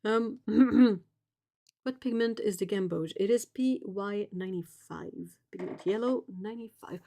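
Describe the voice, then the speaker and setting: A woman's voice: medium pitch, measured pace, vocal fry, dark tone. A woman in her forties hosting an art livestream, chatting casually while she paints and reads viewer comments aloud, laughing at her own jokes. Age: 40s. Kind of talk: casual live-stream chat while painting.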